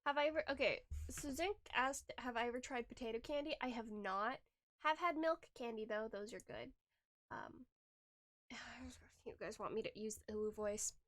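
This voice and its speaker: Young woman streamer rambling to chat, lots of giggles and restarts, kinda high voice, close mic. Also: moderate pace, a bit bright, no room sound. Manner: rambling, laughing, frequent restarts. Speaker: livestreamer. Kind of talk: casual stream chat reading chat. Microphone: desk microphone, close.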